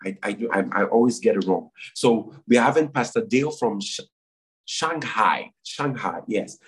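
A man's voice: fairly low pitch, animated, moderate pace, husky, poor audio. A man pastor leading prayer and giving church announcements, earnest and repeating phrases for emphasis.

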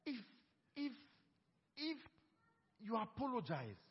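A male pastor delivers a lively sermon on marriage, his voice swinging widely in pitch and carrying a husky grain. He slips into small put-on voices to quote couples. The sound is dull, with a long reverb tail from a large hall. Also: slow.

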